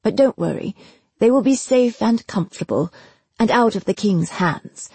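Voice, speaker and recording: A woman voicing a smooth, scheming male spy master in a storybook, calm and unruffled. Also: mid-range voice, normal speed, no echo.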